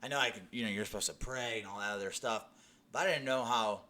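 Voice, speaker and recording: A man's voice: on the low side, quick pace, pushed and bright. A young man giving a personal faith testimony, telling his story earnestly with many restarts and "you know"s. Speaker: testimony speaker.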